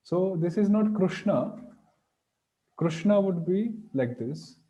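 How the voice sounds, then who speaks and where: A man teaching a pronunciation lesson, slowly demonstrating sounds and repeating syllables. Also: high-pitched, animated, mellow. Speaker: Sanskrit teacher.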